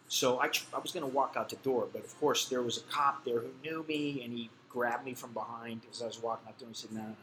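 A man's voice: mid-range voice, steady tone, fast talker, few pauses, bright, forceful tone, slight background noise, low-quality recording. A middle-aged man telling a personal story in a casual, blunt and profane way, full of fillers. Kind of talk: casual spoken anecdote.

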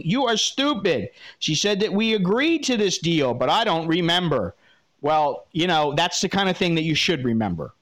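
A man hosting an advice talk, reading a listener's letter and answering with blunt, profane, animated rants. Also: sits high. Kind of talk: casual advice commentary.

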